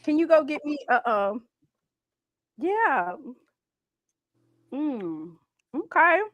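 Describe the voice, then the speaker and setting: A woman's voice: high-pitched, big pitch swings, very slow, fairly bright tone, dry recording. A woman, hosting a casual livestream chat and playfully reading viewer comments. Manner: chatty, playful, reads viewer comments aloud. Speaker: livestream host.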